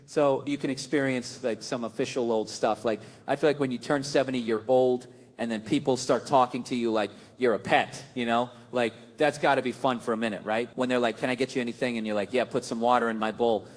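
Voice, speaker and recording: A man's voice: medium pitch, steady tone, fairly quick, hardly any pauses. A man doing a stand-up comedy set, grumbling sardonic rants and acting out other people's voices.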